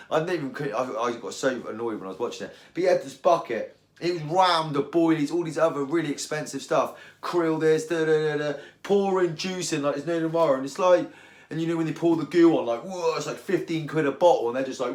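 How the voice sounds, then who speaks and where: A man's voice: on the high side, quick pace. A man ranting casually about fishing while making bait at home, rambling and slangy. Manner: animated, slangy, rambling rant. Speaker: angling vlogger. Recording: echoey room.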